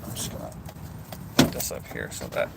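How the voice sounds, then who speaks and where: Sitting in a car, a Canadian man vlogs casually to his phone, reading viewer comments as he rambles and keeps interrupting himself. He speaks at a moderate pace, and the recording is very noisy.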